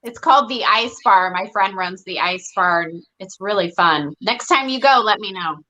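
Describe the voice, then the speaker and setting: A woman's voice: medium pitch, moderate pace, sharp tone, dull audio. A woman from Las Vegas joining a podcast chat on a video call, speaking in an earnest, sincere way. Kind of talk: casual chat.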